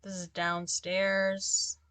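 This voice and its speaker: A young woman talks through a game in a casual, chatty way, breaking into exasperated rants now and then. Her voice sits at an ordinary middle pitch. The sound is dry and close, with no room echo. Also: completely flat delivery, very slow, fairly bright tone. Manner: chatty, exasperated ranting asides. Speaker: gameplay commentator. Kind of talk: casual let's-play commentary.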